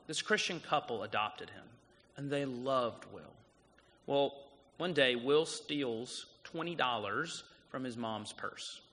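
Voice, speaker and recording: A male guest pastor giving a sermon, telling stories and swinging from loud urgent passages to soft quiet ones. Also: fairly high pitch. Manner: storytelling, rising to loud urgent passages then dropping soft. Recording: long hall reverb.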